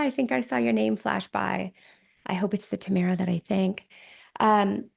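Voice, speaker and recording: A middle-aged woman business coach from Canada, hoarse from a cold, hosting a webinar panel with effusive enthusiasm and talking to her audience in the chat. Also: medium pitch, a little mellow. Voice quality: raspy.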